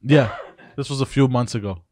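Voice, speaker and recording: A man's voice: mid-range voice, moderate pace, a little mellow, no room sound, clean studio sound. A man co-hosting a comedy podcast, telling a story hesitantly with lots of fillers. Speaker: podcast co-host. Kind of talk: casual comedic banter.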